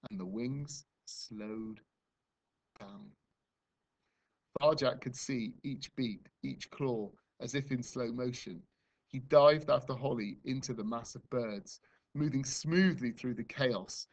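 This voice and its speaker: Expressive male teacher reading a story aloud. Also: medium pitch. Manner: expressive storytelling, dramatic dynamics. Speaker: primary school teacher. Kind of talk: reading a novel aloud to a class.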